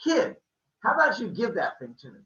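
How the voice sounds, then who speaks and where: A man doing a loud, brash, vain god. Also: sits high, wildly swooping pitch, fairly quick, roomy sound, distant mic, dull audio, full character voice. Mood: scheming. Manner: yelling, exasperated.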